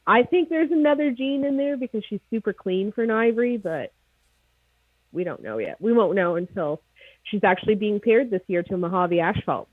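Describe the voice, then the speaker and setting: A woman with a Maritime Canadian accent, a snake breeder chatting as a guest in a casual livestream interview, excitable and jokey. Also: mid-range voice, moderate pace, dry recording. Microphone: video call. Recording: tinny phone-like video call line.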